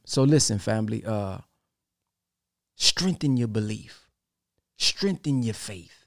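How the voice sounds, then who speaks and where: A man's voice: on the low side, animated, slow, pauses often. A man hosting a podcast, giving a casual spiritual talk in a colloquial, emphatic style with rhetorical questions.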